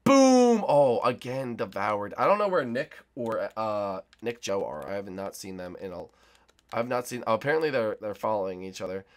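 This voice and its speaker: A young man giving excited, teasing play-by-play commentary on a multiplayer game round, talking to players and viewers. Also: fairly low pitch, normal speed. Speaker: gaming YouTuber.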